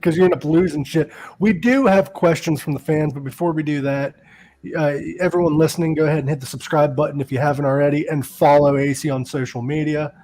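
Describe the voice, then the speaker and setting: A man's voice: a little high, steady tone, brisk, darkish tone, poor audio. A man hosting a podcast in a casual chat, laughing often and swearing loosely while reading fan questions. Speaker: podcast host.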